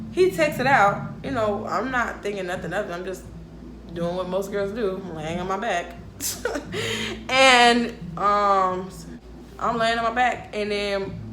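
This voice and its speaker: A woman in her twenties talks straight to camera in a casual storytime monologue. She is frank, profane and animated, often breaking into laughter. Her voice is bright and cutting, with a roomy echo and a faint hiss behind it. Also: medium pitch. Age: 20s. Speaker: vlogger.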